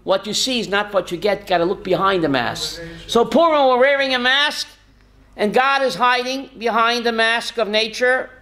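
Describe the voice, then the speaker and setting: A man's voice: very high-pitched, steady tone, normal speed, bright, forceful tone. A man, a rabbi, teaching a Torah class in a folksy, joking way and quizzing his listeners by name. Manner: folksy, jokey asides.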